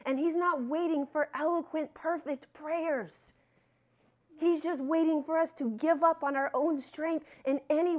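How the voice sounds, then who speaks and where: A woman teaching a sermon in a conversational way, reading scripture aloud and breaking into animated asides. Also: high voice. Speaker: Bible teacher. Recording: muffled lo-fi sound.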